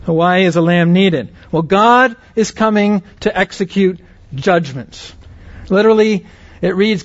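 A man with a somewhat high voice teaches a Bible lesson in an earnest, explanatory manner. He keeps checking that his listeners follow with short rhetorical questions. The recording is dry and a little dull. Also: no room sound.

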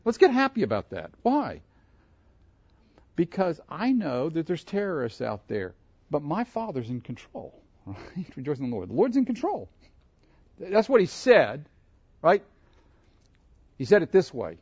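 A man's voice: on the high side, huge pitch swings, a little slow, pauses often, slightly rough, no room sound, highs cut off. A man preaching a sermon, asking his congregation questions and laughing between his points. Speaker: pastor. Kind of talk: interactive sermon.

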